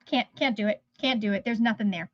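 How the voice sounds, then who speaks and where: A woman's voice: medium pitch, brisk, dry recording, lo-fi sound. A woman hosting a livestream, talking in a rambling, chatty way that often trails off mid-sentence. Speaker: livestream host. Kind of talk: casual livestream chat. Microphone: phone.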